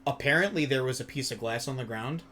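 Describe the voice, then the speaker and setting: Bright, animated young man. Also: medium pitch, quick pace. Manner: animated storytelling, laughs often, swears freely. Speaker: stream co-host. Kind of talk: casual chat.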